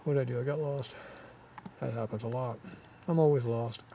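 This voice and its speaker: A man with a scratchy, sore throat reading viewer comments in a casual, offhand way, clearing his throat often and muttering asides. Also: medium pitch, fairly even intonation, fairly quick, dark tone, distant mic.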